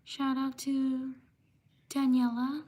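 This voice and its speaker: A woman hosting a livestream, slowly reading out shout-outs to viewers one after another and quickly apologizing for mispronouncing names. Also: high-pitched. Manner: slow, steady listing of names with quick apologies. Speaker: livestream host. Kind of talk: live stream shout-outs.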